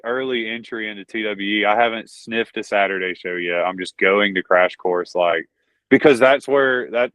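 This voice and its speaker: A man with a medium-pitched, slightly bright voice and a Southern accent talks as a pro wrestler in a relaxed interview. He rambles, curses a lot and says "dude" and "bro," all captured in dull, dry lo-fi sound.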